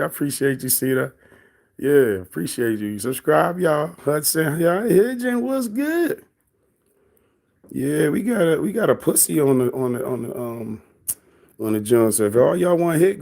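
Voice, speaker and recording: A man's voice: medium pitch, vocal fry. A man on a casual livestream, reading and answering his chat in a teasing, mocking way, laughing often.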